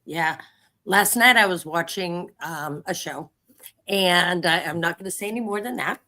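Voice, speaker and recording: A woman's voice: fairly low pitch, unhurried, pushed and bright. A woman telling a story in casual conversation, chatty with many fillers.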